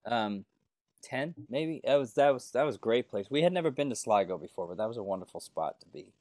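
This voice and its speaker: A man's voice: medium pitch, brisk, dry recording, studio quality. A man from New York, talking casually as a touring musician guest. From New York, USA. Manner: relaxed, rambling, friendly. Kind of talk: casual interview chat.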